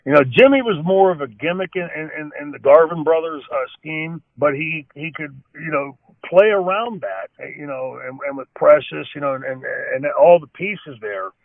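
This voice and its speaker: A man's voice: on the high side, moderate pace, vocal fry, few pauses, no echo. A man telling long wrestling stories in an interview, full of restarts and "you know.". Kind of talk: storytelling interview answers. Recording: dry, tinny phone-like line.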